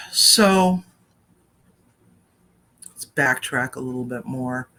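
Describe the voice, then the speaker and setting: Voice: medium pitch, extremely slow, bright, forceful tone. A cooking vlogger talks straight into a laptop webcam in a home kitchen. The story wanders off on tangents, loose and chatty. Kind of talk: casual personal update vlog.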